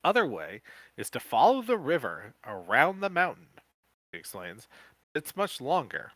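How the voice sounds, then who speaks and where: A man co-hosting a podcast, reading a gamebook aloud live in a casual way, with quick joking asides. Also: medium pitch, wildly swooping pitch, a bit bright, dry recording.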